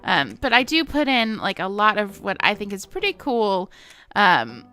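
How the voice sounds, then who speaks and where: Bright, rambling young Southern woman. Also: mid-range voice, sing-song, a little slow, clear, resonant tone. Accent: Southern American. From Missouri. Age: 20s. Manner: rambling and self-mocking, lots of fillers and laughs. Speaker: gaming vlogger. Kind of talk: casual chat over gameplay.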